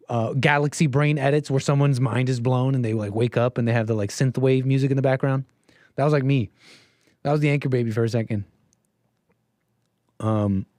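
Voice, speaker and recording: A man's voice: mid-range voice, warm tone, no room sound, studio quality. A man hosting a casual livestream, talking in a sarcastic, rambling way and mocking what he reads aloud. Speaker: livestream host.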